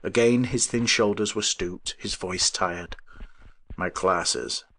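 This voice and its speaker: A man reading an audiobook in steady, even-toned scripted narration. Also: fairly low pitch, unhurried, slight background noise. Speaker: audiobook reader.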